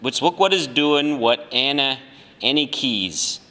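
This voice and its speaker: A man's voice: mid-range voice, animated, pushed and bright, big-room sound, voice pushed up. A man reading verse aloud in a put-on, overdone Southern accent as a pompous old-time Southern politician. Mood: declaiming. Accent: mock Southern US. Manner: hammy, slow stagey declaiming.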